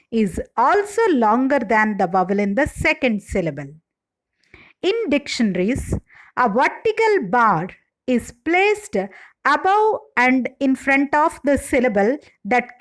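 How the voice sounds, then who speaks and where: A woman, an English professor, giving a slow and careful scripted lecture. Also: sits high, poor audio. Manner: slow, careful, deliberate delivery.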